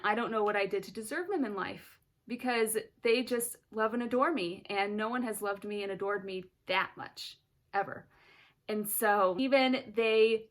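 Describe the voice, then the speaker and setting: Woman, 30s, vlogger mother; earnest, heartfelt delivery, mid-pitched, near tears at moments. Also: a bit bright. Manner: earnest and emotional, close to tears at times. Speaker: mother of twin daughters sharing her story. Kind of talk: personal vlog, candid storytelling.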